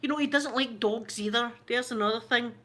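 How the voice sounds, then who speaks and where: On a casual livestream, a Scottish ASMR YouTuber answers her live chat with animated, gossipy tales and frequent laughter. She talks fairly quickly in a fairly high-pitched voice.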